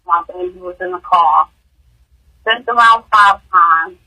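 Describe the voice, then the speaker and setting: A woman, a grieving mother, giving emotional personal testimony in an interview, halting and repeating words, her voice rising high in distress. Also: bright, forceful tone, slightly rough, poor audio.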